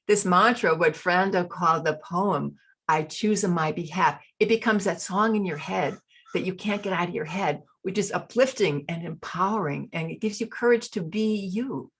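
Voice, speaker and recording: A middle-aged woman with a slightly husky, lowish voice guides a group through an embodiment exercise. She speaks soothingly and draws out short mantras in a slow, steady rhythm, like a coach on a video call. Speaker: coach leading an online workshop.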